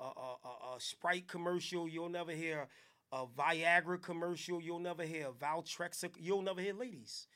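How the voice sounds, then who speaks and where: High, gravelly-voiced man ranting. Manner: animated, loud bursts of hype and chanting. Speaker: podcast host. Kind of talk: comic live-stream rant.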